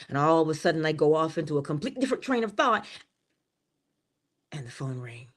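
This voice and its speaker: A woman with a low voice talks fast as she hosts a morning inspiration stream. Her motivational talk is emphatic and animated: she laughs, drops to a whisper on key phrases, and acts out little scenes.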